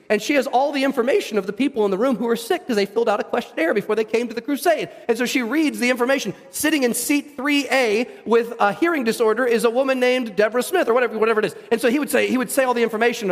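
A man's voice: extremely high pitch, fast, hardly any pauses, big-room sound. A man pastor giving a conversational sermon, often repeating words as he builds a point.

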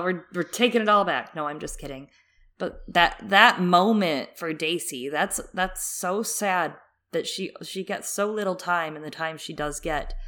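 A woman's voice: low voice, fairly bright tone. A woman on a book podcast who summarizes passages and analyzes the characters. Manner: reads passages aloud, analytical. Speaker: podcast co-host. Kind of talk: casual book discussion.

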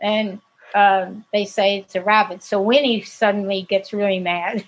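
Woman, actress guest on a video-call interview; husky, chatty storyteller who laughs a lot. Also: medium pitch, fairly even intonation, moderate pace, rough recording. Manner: chatty, laughs often while telling stories. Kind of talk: casual anecdote telling.

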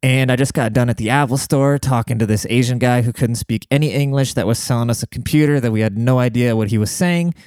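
A man's voice: mid-range voice, quick pace, few pauses, darkish tone, clean tone, no room sound, studio quality. A young man hosting a casual solo podcast from home, talking in a crude, rambling and sarcastic way. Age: young adult. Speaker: podcast host. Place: home room with a cat.

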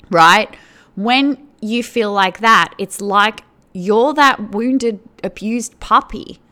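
A woman's voice: medium pitch, slow pace, sharp tone. A woman hosting a podcast, talking in a casual, rambling way, full of "like"s and restarts. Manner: rambling, filler-heavy, with many "like"s and restarts. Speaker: podcast host.

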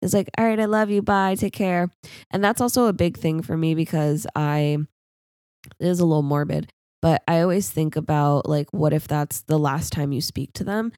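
A woman's voice: low-pitched, moderate pace, warm tone, dry recording, studio quality. A young woman hosting a solo podcast, rambling casually and laughing at herself. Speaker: podcast host.

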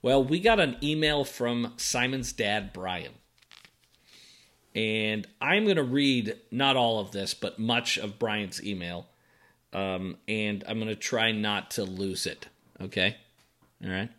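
Male podcast co-host, lowish voice, easygoing and chatty. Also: slow, fairly bright tone. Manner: laid-back, reads listener messages aloud. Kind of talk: casual podcast chat.

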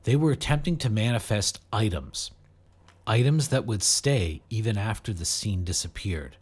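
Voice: mid-range voice, normal speed, husky. A storyteller narrating an audiobook expressively. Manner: expressive, animated.

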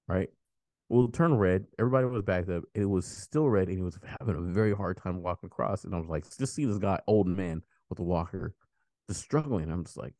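A man's voice: fairly low pitch, animated, normal speed, dark tone, no room sound, clean studio sound. A man hosting a podcast, telling a story in casual chat, rambling with restarts and swearing. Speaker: podcast host.

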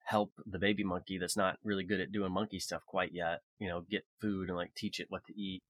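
A man co-hosting a casual conversation podcast, telling wry, joking anecdotes in a lively storytelling way. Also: low-pitched, a little fast, dry recording. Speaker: podcast co-host.

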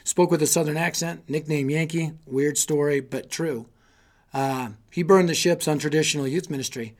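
Energetic man preaching to youth leaders. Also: on the high side, moderate pace. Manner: energetic storytelling with repetition; exhorting, rallying listeners. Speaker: youth ministry speaker. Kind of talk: motivational sermon-style talk.

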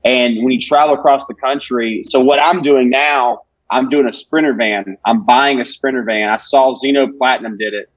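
A man's voice: medium pitch, steady tone, normal speed, few pauses, no room sound, muffled recording. A man, a comedian chatting casually on a podcast and telling rambling, profane stories. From Alabama, US. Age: 20s. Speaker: comedian guest.

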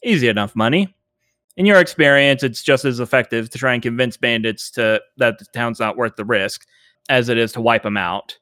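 Game master guy narrating, lots of uh and um, smooth voice, dry close mic. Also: mid-range voice, brisk, pushed and bright, no room sound. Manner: hesitant, many fillers.

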